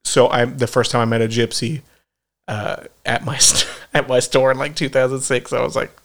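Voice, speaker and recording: Rambling, swearing podcast co-host. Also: male voice, mid-range voice, fairly even intonation, normal speed. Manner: rambling storyteller, swears a lot, laughs at his own stories. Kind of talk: casual chat.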